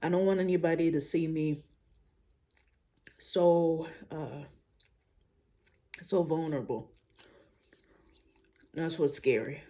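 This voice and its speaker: Young adult woman, casual vlog, candid, thinking aloud, low mellow voice, very slow delivery. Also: fairly even intonation. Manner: candid, musing out loud, casual slang. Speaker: vlogger. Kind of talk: casual personal vlog talk.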